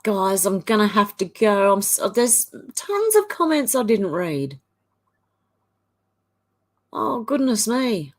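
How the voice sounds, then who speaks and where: A middle-aged Australian woman hosting a live stream, chatting casually and reading viewer comments aloud in a quick running voice. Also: mid-range voice, big pitch swings.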